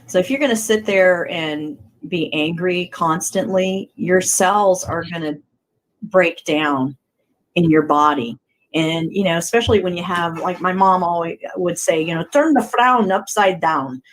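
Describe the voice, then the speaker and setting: A woman's voice: lowish voice, unhurried, a little hiss or hum, rough recording. A woman co-hosting a Christian talk show, chatting animatedly and acting out voices in her stories. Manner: animated, acts out quoted voices. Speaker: co-host. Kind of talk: faith talk show chat.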